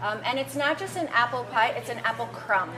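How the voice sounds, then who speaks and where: A woman's voice: a little high, expressive, fairly quick, poor audio. A woman hosting a food show, chatting casually and laughing easily in a diner. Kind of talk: casual chat. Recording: background music in a diner.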